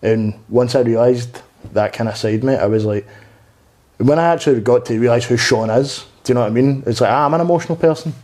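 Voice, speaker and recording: A stand-up comedian in his twenties guests on a podcast, speaking briskly in a mid-range, slightly mellow voice. He talks candidly and earnestly in a rambling, unpolished way, swearing often, in a conversational interview.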